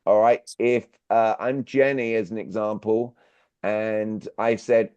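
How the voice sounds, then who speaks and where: Leading a sales workshop on a video call, a man speaks straight to his listeners and drills them with questions. His voice is lowish and a little mellow, and the audio comes across dull and dry.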